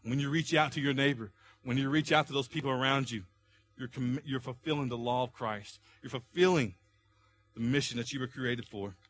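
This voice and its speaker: A man preaching a sermon as pastor, building to loud, impassioned pleas and easing back to a calmer teaching tone. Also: mid-range voice, fairly quick.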